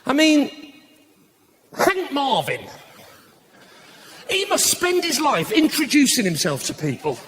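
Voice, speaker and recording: A man doing live stand-up comedy, cheeky and brisk, bursting into shouted punchlines. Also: extremely high pitch, huge pitch swings, background noise. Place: live comedy stage before an audience.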